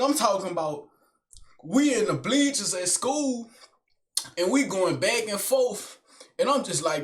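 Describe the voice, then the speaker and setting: A young man telling a story in animated, slangy street talk, full of tags like "son" and "gang", with low mumbled asides. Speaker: vlogger. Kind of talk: casual storytelling monologue.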